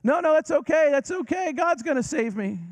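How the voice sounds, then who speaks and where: A man's voice: lively intonation, moderate pace, no room sound. A man voicing a stubborn faithful man stranded on a flooded roof, stammering in a raised voice. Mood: insistent. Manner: stammering, high-pitched insistence.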